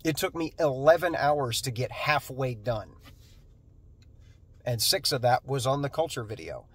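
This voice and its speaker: A man's voice: mid-range voice, expressive, measured pace, breathy edge. A man who works as an electrician, talking to camera about his job in a plain, earnest way, with a nasal voice and a self-deprecating streak. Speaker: electrician and video creator. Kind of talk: casual vlog talk to camera. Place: on a construction job site during lunch break.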